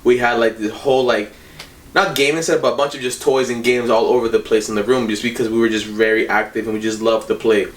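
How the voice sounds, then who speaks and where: Young male vlogger, loose rambling storyteller, mid-pitched, slightly distant from the mic. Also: steady tone, quick pace. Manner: rambling, filler-heavy slangy telling. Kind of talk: casual storytime monologue.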